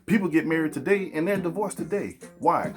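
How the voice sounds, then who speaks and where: Blunt preaching podcast host, faint music. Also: male voice, fairly high pitch, animated, a little fast. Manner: blunt, preachy, talks straight to the audience. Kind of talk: opinionated podcast monologue.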